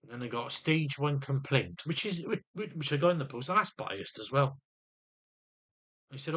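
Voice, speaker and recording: Man, angry vlog rant, lively swinging pitch, tense forceful voice, stammering restarts. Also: normal speed, pauses often, husky. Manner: agitated, repeats words and restarts often. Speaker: vlogger. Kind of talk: angry personal rant to camera.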